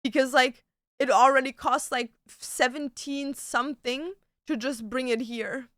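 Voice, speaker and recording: A young woman chatting on a home livestream, telling a long, exasperated story with plenty of likes and curse words. Her voice sits high and sounds smooth and clean. The room is dry, with almost no echo. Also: fairly even intonation, unhurried, fairly bright tone. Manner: ranting storytelling with frequent likes and swearing. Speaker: streamer. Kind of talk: casual livestream chat.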